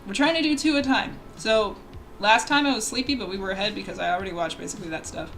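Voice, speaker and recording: A woman streaming her live learning session, chatting casually, excitable and thinking aloud. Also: mid-range voice, quick pace, a little hiss or hum.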